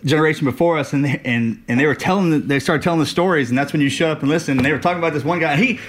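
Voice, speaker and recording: Man telling lively service stories. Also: on the high side, very fast. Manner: animated storyteller, laughs through punchlines. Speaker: former Navy SEAL. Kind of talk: casual conversation, war stories.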